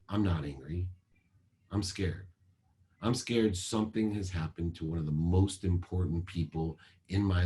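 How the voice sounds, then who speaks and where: Deep-voiced man giving a motivational talk. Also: darkish tone. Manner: measured, emphatic, list-like delivery. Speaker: motivational speaker. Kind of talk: motivational talk on a video call. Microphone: video call.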